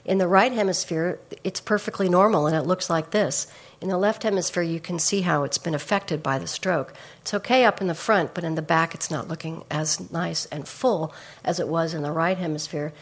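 Woman lecturer, raspy and gravelly, lowish voice, explanatory talk. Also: normal speed. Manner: explains with slides, small restarts. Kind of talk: public lecture.

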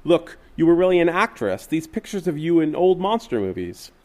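A man's voice: on the high side, big pitch swings, normal speed, darkish tone, pitched above the performer's own voice. A man voicing an eager awestruck young man. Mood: earnest. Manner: earnest, awestruck.

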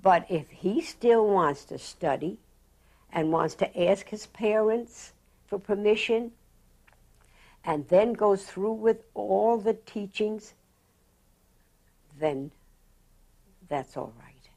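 An older woman voicing a kindly rabbi who gives calm, reassuring counsel. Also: mid-range voice, takes it slowly, pauses often.

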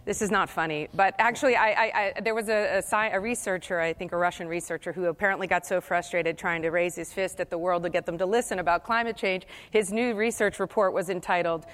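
A woman's voice: fairly low pitch, fairly even intonation, quick pace, hardly any pauses, fairly bright tone. A woman moderating a panel discussion, conversational and passionate.

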